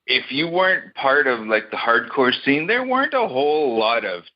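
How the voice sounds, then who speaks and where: A man in his forties hosting a radio interview, laid-back and halting with fillers. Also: medium pitch, big pitch swings, dull audio. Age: 40s. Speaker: radio host. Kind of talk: phone interview.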